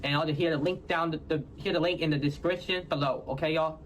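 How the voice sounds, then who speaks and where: Halting Texan man with unclear diction. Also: fairly high pitch, fairly even intonation, slight background noise. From Houston, Texas. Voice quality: hard-to-follow diction. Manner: halting, ends nearly every phrase with "all right, y'all?". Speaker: content creator in a played clip. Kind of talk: casual self-explaining talk to viewers.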